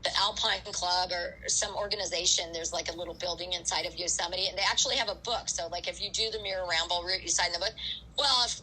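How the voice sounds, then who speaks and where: A middle-aged woman as a podcast guest, telling a story in a casual, animated way, full of "like" and acted-out quotes. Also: on the low side, quick pace, a little hiss or hum, low-quality recording. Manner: animated storyteller, acts out quoted voices, frequent "like". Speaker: guest ultrarunner.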